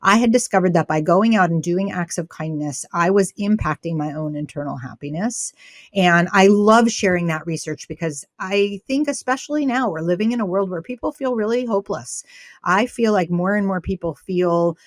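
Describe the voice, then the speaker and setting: A woman's voice: fairly low pitch, moderate pace, no room sound, clean studio sound. A woman guest in an interview, speaking with animation and acting out quoted dialogue as she tells stories. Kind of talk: conversational interview.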